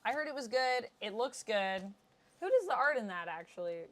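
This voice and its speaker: Chatty, excitable woman host. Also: fairly high pitch, moderate pace. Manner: chatty and excitable, laughs easily. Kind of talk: casual chat.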